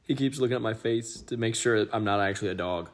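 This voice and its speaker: Speaking quickly in a fairly low voice, a dad vlogging with his young sons keeps things casual. His tone toward the boys is playful, affectionate, and encouraging.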